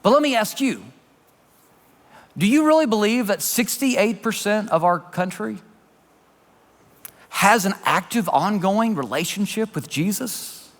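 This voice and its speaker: A male pastor preaching a sermon in an animated, conversational storytelling manner. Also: high voice, a little slow, pauses often. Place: church sanctuary. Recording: reverberant church hall.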